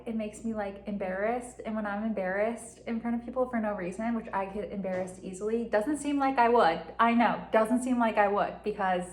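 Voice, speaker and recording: A young woman vlogging in a casual confessional monologue, rambling with constant fillers and frequent giggles. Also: medium pitch. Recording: echoey room with faint ambient noise.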